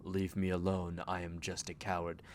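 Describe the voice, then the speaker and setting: A man voicing a withdrawn, shame-ridden soldier in a horror game, speaking low and dismissively. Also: monotone, normal speed, natural voice. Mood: gloomy. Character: shamed old soldier, gloomy, calls himself a coward.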